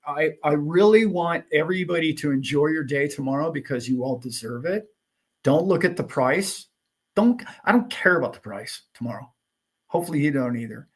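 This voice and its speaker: A man's voice: on the high side, animated, moderate pace, slightly rough. A man hosting a livestream, chatting casually and greeting viewers, rambling and friendly with lots of filler words. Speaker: livestream host.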